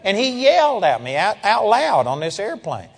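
A man preaching, telling a story in an animated, emphatic way and calling out amen. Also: high-pitched, normal speed, gravelly, husky, in a large hall. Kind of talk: storytelling sermon.

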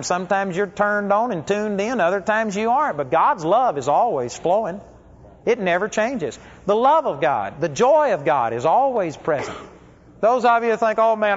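A man preaching a sermon, telling stories in a conversational, folksy way. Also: sits high. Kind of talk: storytelling sermon. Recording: dull lo-fi recording with long hall reverb.

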